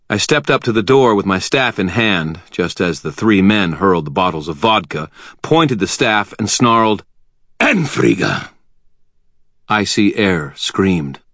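Deep male narrator, dry close sound, measured first-person audiobook reading. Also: fairly bright tone, no room sound.

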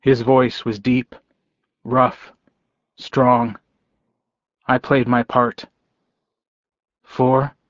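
A man reading a first-person audiobook in an unhurried, measured manner. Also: mid-range voice, flat delivery, no echo, highs cut off. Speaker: audiobook narrator.

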